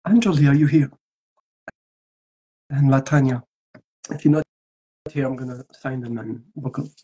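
A man's voice: mid-range voice, steady tone, moderate pace, dark tone, breathy edge, poor audio. A man from Algeria, a voice actor chatting playfully with fans at a live autograph session and joking in several languages. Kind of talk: casual livestream chat.

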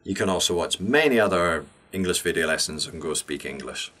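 A man teaching English pronunciation in a scripted lesson, speaking deliberately and enunciating each sound clearly. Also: sits low, expressive, fairly bright tone.

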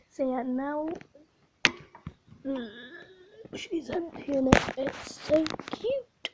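Unwell woman, whispery, high voice. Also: takes it slowly, noisy background. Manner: often drops to a whisper, coos at her pet. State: unwell, short of breath. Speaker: pet vlogger. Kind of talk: casual vlog, talking to her hamster.

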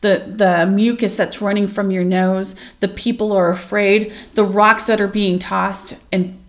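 A woman's voice: medium pitch, little pitch movement. Woman reading an ancient myth aloud. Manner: measured, solemn reading; casual, musing commentary. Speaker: channel host. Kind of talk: reading an ancient text aloud, then commentary.

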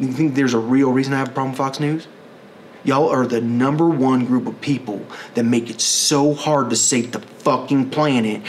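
A man's voice: medium pitch, slight background noise. A man talking in a casual, rambling, profane monologue, often correcting himself mid-sentence.

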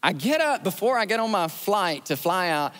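A man delivers a sermon, his voice pitched high and leaping all over as he acts out his stories. The sound carries a long reverb from a large church hall. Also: moderate pace. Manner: animated storytelling, acts out scenes with rising excitement. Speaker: pastor.

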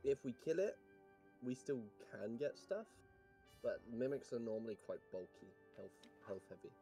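A man's voice: medium pitch, lively intonation, normal speed, mellow, faint music behind. A man playing a video game with friends, explaining the rules in a wry, self-mocking way. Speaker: gamer. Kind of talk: casual gaming chat.

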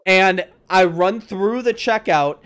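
A young man with a fairly high voice tells a story to friends on a podcast. He is animated and swears a lot, and he acts out what other people said as he goes. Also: slow, clear, resonant tone. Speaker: podcast host. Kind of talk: casual storytelling among friends.

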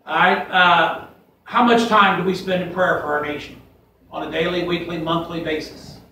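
A man delivers an emphatic, folksy sermon, his voice sitting high and bright. He is picked up from a distance in a church sanctuary with heavy echo and a faint hiss underneath. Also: steady tone, moderate pace. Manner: folksy, emphatic preaching with scripture quotes. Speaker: pastor. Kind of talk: fiery sermon.

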